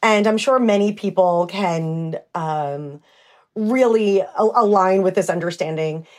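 A woman in her thirties from the United States, a brand founder telling her story in an interview, lively and full of quoted dialogue. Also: medium pitch, unhurried. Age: 30s. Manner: animated, acts out quoted dialogue with fillers.

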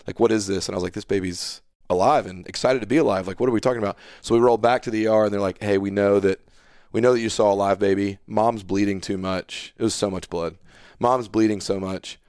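Man, 30s, pastor, very low voice, earnest animated storytelling, dry room. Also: fast, no room sound. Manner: earnest, animated storyteller who retells dialogue. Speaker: pastor, podcast guest. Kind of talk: casual storytelling conversation.

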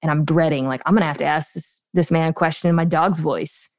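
Chatty woman telling a story, slightly low voice. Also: steady tone, darkish tone, dry recording. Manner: quick, chatty, with fillers. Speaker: podcast guest and host. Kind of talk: casual storytelling.

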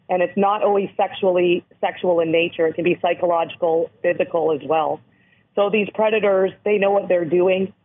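A woman from Canada with a hoarse voice, speaking earnestly as an interview guest who educates on abuse prevention. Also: on the low side. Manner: earnest, emphatic, explanatory. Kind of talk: interview over the phone. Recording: tinny phone line.

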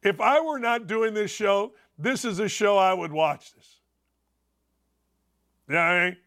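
Fired up guy hosting a sports talk show, kinda high pitched, gravelly edge. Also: unhurried. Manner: fired up, loud and enthusiastic, sarcastic asides. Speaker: show host.

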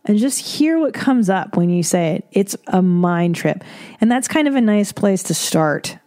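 A woman's voice: medium pitch, animated, unhurried, dark tone. A woman hosting an advice podcast, talking bluntly in a casual monologue, swearing freely and laughing between points. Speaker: podcast host giving advice.

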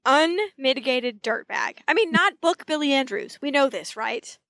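A woman co-hosting a podcast, casually recapping a TV episode and acting out character lines with lively energy. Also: sits high, moderate pace, no echo. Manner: animated retelling, acts out character lines. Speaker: podcast co-host.

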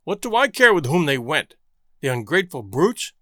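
A man's voice: a little high, very animated, moderate pace, sharp tone, no room sound, studio quality. A man doing an outraged, stuttering trading agent. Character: indignant, excitable male trading agent.

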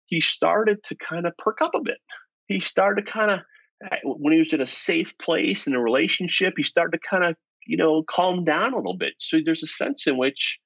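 A man being interviewed as an author, telling a story with lively swings between hushed asides and excited emphasis. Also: on the high side, gravelly, slightly rough, no echo, muffled recording. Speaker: author and guest. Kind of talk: animated storytelling.

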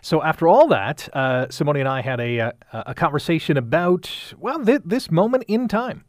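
A man's voice: fairly high pitch, lively intonation, normal speed, dry recording. A male local news reporter describing an event and interviewing a guest in a conversational way, with frequent filler words.

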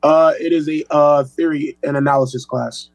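A young man, a college student guest, telling his story in halting, plain answers. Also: a little high, steady tone, dry recording. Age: young adult. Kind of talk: interview answers.

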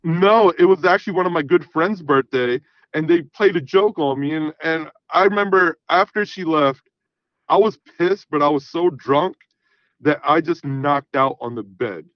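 Calling in to a show, a man in his thirties rambles through a long, casual story full of fillers like "you know what I mean." He has a fairly high voice at normal speed, with no echo, though the highs are cut off.

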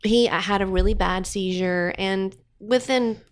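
A woman's voice: mid-range voice, a little slow. A woman chatting casually as a podcast co-host, telling stories with lots of fillers. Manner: chatty, warm storytelling with frequent fillers. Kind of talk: casual chat.

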